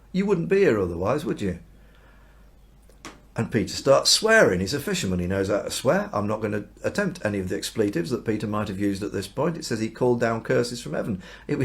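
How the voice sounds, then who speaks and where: Brief: lowish-voiced male minister, informal sermon, acts out characters. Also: lively intonation, moderate pace. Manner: acts out the voices of the story with sudden high outbursts; conversational and informal. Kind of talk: Bible reading and sermon. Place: church or home during lockdown.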